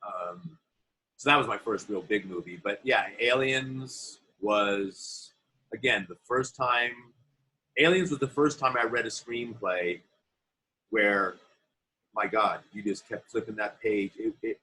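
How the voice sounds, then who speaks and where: A man, an actor being interviewed, telling animated anecdotes from film sets in a casual way. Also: on the low side, slow, rough recording. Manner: animated anecdotes, acts out quoted voices. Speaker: actor guest. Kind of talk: interview storytelling.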